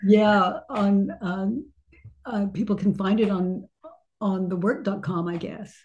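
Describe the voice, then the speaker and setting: A woman author and speaker, a guest on a podcast, talking gently in halting, trailing phrases. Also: mid-range voice, steady tone, highs cut off. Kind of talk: casual interview chat.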